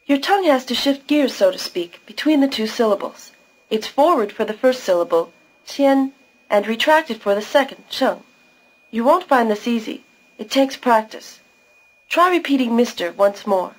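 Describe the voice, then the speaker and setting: A woman's voice: fairly high pitch, lively intonation, moderate pace, rough recording. Patient woman narrating a language lesson. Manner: patient, clear, explains pronunciation step by step. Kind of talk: scripted instructional narration.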